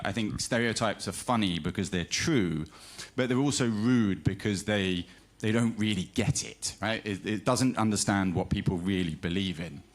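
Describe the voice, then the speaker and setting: A man's voice: mid-range voice, a bit bright. A British man giving a live talk to an audience, in a chatty, self-deprecating way with many fillers and restarts. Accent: British English. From Britain. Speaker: speaker.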